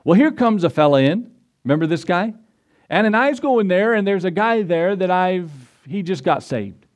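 Folksy preacher man, slightly high voice. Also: big pitch swings, a little fast. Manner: folksy storytelling preacher, asks the congregation rhetorical questions. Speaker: pastor. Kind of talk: sermon. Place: church.

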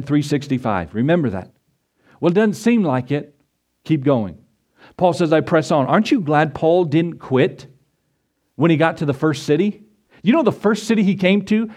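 A man preaching a sermon to his congregation, emphatic and repetitive, swinging between loud declarations and quiet asides. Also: on the high side. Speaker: pastor.

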